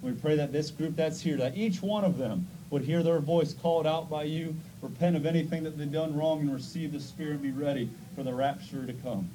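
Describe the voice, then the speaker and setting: A man's voice: on the high side, steady tone, a little fast, few pauses, dark tone, recorded from a distance, a little hiss or hum, poor audio. A man preaching a sermon in a church, emphatic and conversational, firing rhetorical questions at the congregation.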